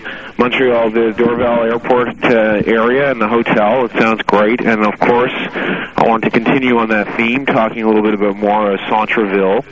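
A man calls in to a radio show and chats at length about films and festivals, rambling and leaning on "uh" and "you know". His pitch is ordinary for a man. The sound is dull and lo-fi. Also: little pitch movement, moderate pace, a little hiss or hum. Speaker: radio contributor. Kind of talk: casual chat.

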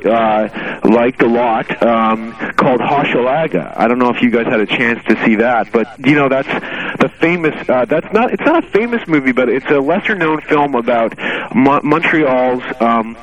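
Rambling male radio contributor. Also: medium pitch. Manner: rambling, lots of "uh" and "you know" fillers. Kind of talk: casual chat. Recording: dull lo-fi radio audio.

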